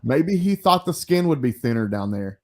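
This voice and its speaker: A man's voice: medium pitch, big pitch swings, normal speed, darkish tone. Easygoing man reading comics aloud. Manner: easygoing, chuckles while reading. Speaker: host. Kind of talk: reading and discussing comics on a livestream.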